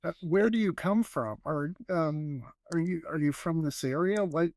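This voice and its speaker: A man's voice: on the high side, measured pace, a little mellow, no echo. A man playing a tabletop game who hesitates and asks questions. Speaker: player.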